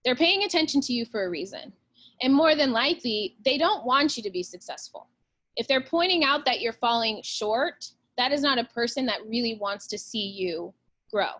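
A woman with a fairly high, expressive, slightly bright voice, speaking as a real estate agent in a casual podcast interview. She gives a rapid, blunt pep talk laced with plenty of swearing.

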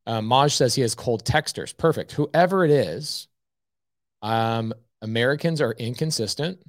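A man's voice: medium pitch, expressive, a little slow, no room sound, studio quality. A man hosting a live stream, giving blunt, emphatic coaching advice and saying "okay" often. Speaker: host.

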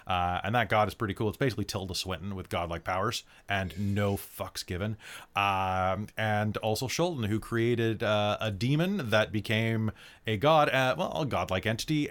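A man's voice: fairly low pitch, moderate pace, a bit bright. Rambling man as game master. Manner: rambling, many fillers and restarts. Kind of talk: casual stream sign-off chat.

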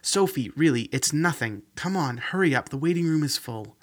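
A man's voice: on the high side, lively intonation, moderate pace, voice pushed up. Man playing a woman doctor, curt, urgent, slightly raised voice, audiobook. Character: stern woman doctor under pressure.

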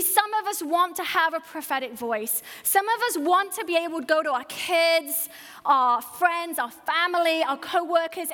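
A woman's voice: extremely high pitch, fairly bright tone. A woman pastor preaching a sermon, earnest and building with repeated phrases. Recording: hall reverb.

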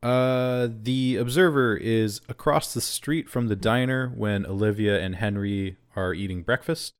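A man co-hosting a podcast, casually recapping an episode with deadpan jokes. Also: fairly low pitch, a little slow, clean tone, no room sound, studio quality. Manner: joking recap with mock deadpan asides. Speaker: podcast co-host.

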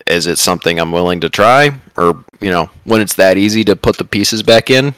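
A man's voice: sits low, fairly quick, a bit bright, smooth, no echo. A man co-hosting a podcast, chatting casually in an easygoing way and laughing often. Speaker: podcast co-host. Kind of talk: casual chat.

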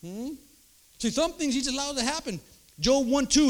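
Older male pastor, raised-pitch voice, emphatic sermon delivery, rhetorical asides. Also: expressive, normal speed.

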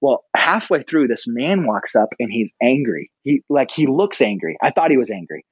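A middle-aged man, a pastor, telling a personal story casually and animatedly, often jumping up in pitch for the voices he quotes. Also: normal speed, slightly rough, no echo, lo-fi sound. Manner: animated, breaks into high-pitched quoted reactions.

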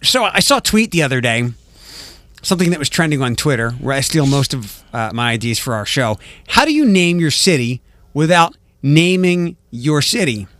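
A man's voice: a little high, sing-song, normal speed, fairly bright tone, dry recording. A man co-hosting a casual radio chat show, rambling and thinking aloud with lots of fillers. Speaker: radio co-host.

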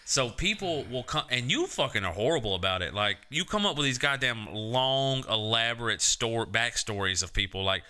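A man co-hosting a casual podcast, telling stories in a profane, animated way. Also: mid-range voice, moderate pace, hardly any pauses, clear, resonant tone. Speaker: podcast co-host. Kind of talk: casual crude chat.

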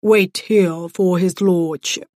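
A woman's voice: fairly low pitch, fairly even intonation, darkish tone, dry recording, clean studio sound. A woman playing a cold, hollow-voiced butler. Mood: cold, solemn. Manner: hollow, intoning, slow and stiff. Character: cold, solemn old male butler.

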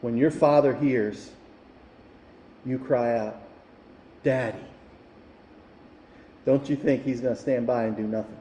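A man's voice: medium pitch, fairly even intonation, normal speed, dark tone, a little hiss or hum. A male pastor preaching a sermon that builds to fervent emphasis. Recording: echoey hall, reverberant.

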